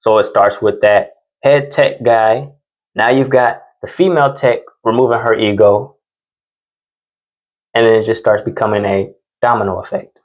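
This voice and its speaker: A man's voice: on the low side, fairly even intonation, moderate pace. Profane, slangy man telling stories. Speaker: podcast host. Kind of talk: casual commentary and storytelling.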